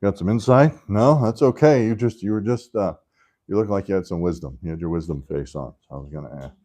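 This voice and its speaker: Deep-voiced and warm, this man talks fairly quickly while leading a Sunday school class. He keeps it conversational, throwing in jokes and often asking "right?" to check in with the group.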